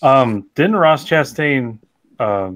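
A man co-hosting a casual podcast chat, easygoing and quick to laugh. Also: medium pitch, animated, a bit bright. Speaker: podcast co-host.

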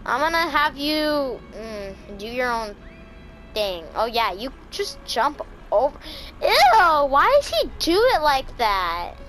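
A woman with a high, bright voice narrates her horror game run, swooping all over her range. She talks to herself and to the characters on screen, breaking into screams when something startles her. A faint hiss sits under the recording. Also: sing-song, takes it slowly, low-quality recording. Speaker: gaming channel host. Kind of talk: let's play commentary.

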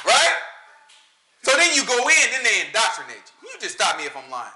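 Southern man, bright high voice, lively Bible teacher, echoey room. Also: moderate pace, long pauses, a little hiss or hum. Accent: US Southern country. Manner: animated, rhetorical questions, frequent laughter. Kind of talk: informal Sabbath teaching.

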